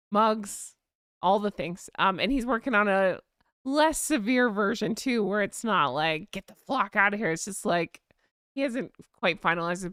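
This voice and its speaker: A woman's voice: medium pitch, fairly bright tone, clean tone, no room sound, clean studio sound. An American woman hosting a casual live chat stream, chatting and reading out viewer comments. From United States. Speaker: livestream host.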